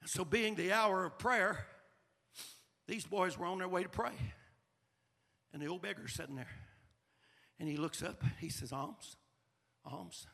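Middle-aged male preacher, bright tense voice, folksy sermon storytelling that builds to shouting, in a reverberant sanctuary. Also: sits high, moderate pace, creaky, long pauses. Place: church sanctuary. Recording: long reverb of a large hall.

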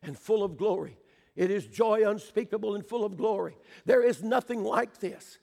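An older man preaching a sermon in a church, fervent, swinging between shouted pleas and hushed storytelling. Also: high voice, normal speed, vocal fry, in a large hall.

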